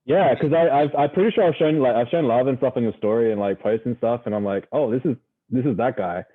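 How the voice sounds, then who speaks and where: A man's voice: medium pitch, fast talker, no room sound. Man on a tinny call. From Australia. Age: 20s. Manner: relaxed, filler-heavy slang talk. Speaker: guest. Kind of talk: casual podcast chat. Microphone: video call. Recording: tinny phone-like call audio.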